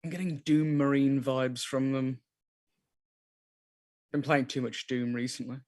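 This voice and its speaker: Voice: mid-range voice, unhurried, dry recording, studio quality. A co-host joking through a live watch-party commentary in casual banter. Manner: jokey, lively banter.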